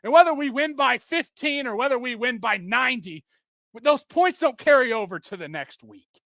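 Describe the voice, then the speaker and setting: A man's voice: very high voice, lively intonation, normal speed, creaky, a bit bright, no room sound, studio quality. A man in his twenties hosting a solo sports podcast, venting with frustration and emphatic bursts. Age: 20s. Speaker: podcast host and football coach.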